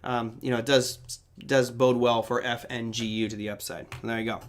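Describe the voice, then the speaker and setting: With a medium-pitched, flat, brisk delivery, a middle-aged man from Germany runs a live trading stream. As host, he chats casually and reasons out loud over the charts.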